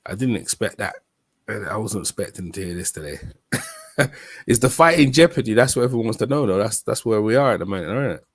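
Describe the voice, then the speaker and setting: A man hosting a boxing live stream in casual chat, excitable and repeating himself often. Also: fairly low pitch, brisk, husky, dry recording, clean studio sound. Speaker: boxing livestream host.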